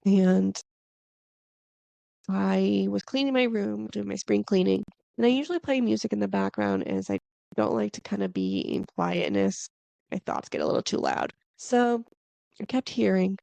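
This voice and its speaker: A woman's voice: medium pitch, lively intonation, normal speed, vocal fry, mellow, dry recording. A woman hosting a podcast about spirituality, telling her story in a chatty, meandering way with lots of "like" and "kinda". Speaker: podcast host. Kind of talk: casual spiritual podcast monologue.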